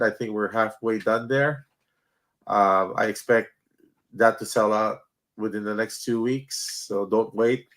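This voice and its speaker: A man speaks as a guest on a live chat show, running through event details in a loose, halting way. His voice sits at an ordinary middle pitch, with plenty of fillers between phrases. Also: fairly bright tone. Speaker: card show organizer, guest. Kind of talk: casual chat and event promotion.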